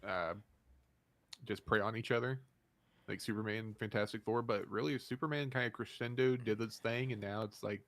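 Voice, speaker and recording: Male podcast co-host, low-pitched, dry close mic, easygoing filler-heavy talk. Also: fairly even intonation, normal speed, no room sound. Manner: laid-back, uses many fillers. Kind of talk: casual podcast chat.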